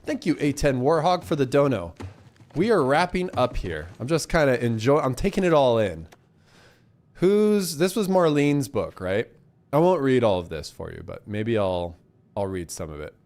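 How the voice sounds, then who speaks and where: A man's voice: mid-range voice, very animated, normal speed, darkish tone. A man streaming a game live, chatting casually and cheerfully thanking donors, a bit congested. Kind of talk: casual live gameplay commentary.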